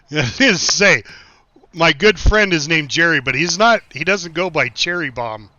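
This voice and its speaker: Easygoing middle-aged man streamer, bright voice. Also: on the high side, expressive, moderate pace, no echo, lo-fi sound. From United States. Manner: easygoing, laughs often, rambling with restarts. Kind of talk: casual chat while gaming.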